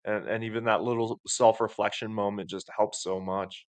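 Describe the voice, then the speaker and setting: A man's voice: fairly low pitch, level tone, normal speed, dry recording. A man hosting a podcast, talking in a reserved, thoughtful way during casual conversation. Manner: reserved, soft-spoken, thoughtful. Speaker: podcast host.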